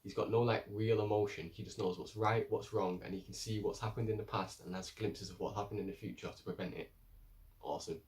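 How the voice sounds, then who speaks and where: A man's voice: on the low side, fairly even intonation, fairly quick, a little mellow. A man recapping a TV episode in a blunt, slangy, casual way, swearing freely. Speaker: TV episode reviewer. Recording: voice distant from the mic.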